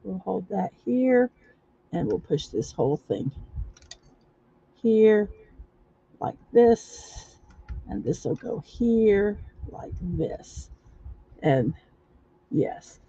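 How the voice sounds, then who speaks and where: Slow, husky woman talking through a build. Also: mid-range voice, warm tone, dry recording. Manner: halting, with many fillers and self-corrections, talking through each step. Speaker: livestream host building a block set. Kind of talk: casual build-along talk to viewers. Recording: dull lo-fi recording.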